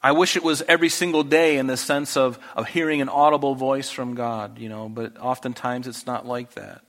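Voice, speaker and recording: A man's voice: medium pitch, steady tone, moderate pace, a bit bright, big-room sound. A man preaching a conversational Bible-teaching sermon, briefly acting out characters in casual voices. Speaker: pastor.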